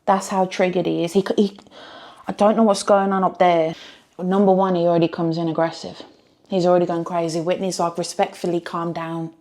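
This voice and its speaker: A woman's voice: on the low side, little pitch movement, fairly quick, dark tone. A woman giving blunt, emphatic reaction commentary on a reality show. She repeats phrases for effect and swears freely.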